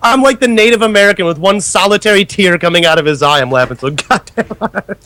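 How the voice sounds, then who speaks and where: A man co-hosting an online show, talking in a loud, animated, swear-heavy casual chat. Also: high voice, quick pace, a little hiss or hum. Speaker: podcast co-host.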